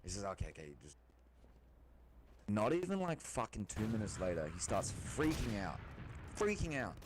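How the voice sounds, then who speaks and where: A man's voice: lowish voice, huge pitch swings, moderate pace. A young man venting in a casual monologue, rambling and agitated, swearing often and restarting his sentences. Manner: rambling, profane and agitated, full of restarts and fillers. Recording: loud background noise.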